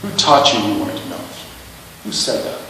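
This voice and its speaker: A man's voice: fairly low pitch, sing-song, normal speed, gravelly, pushed and bright, slight background noise. A male minister giving a sermon in a conversational, self-mocking way, asking rhetorical questions. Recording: echoey hall, mic at a distance.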